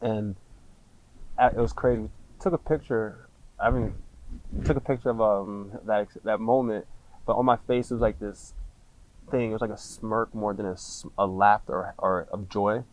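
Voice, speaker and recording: A man in his thirties, a podcast guest, telling a personal story candidly, in casual slang with frequent swearing and halting restarts. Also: on the low side, steady tone, rough recording.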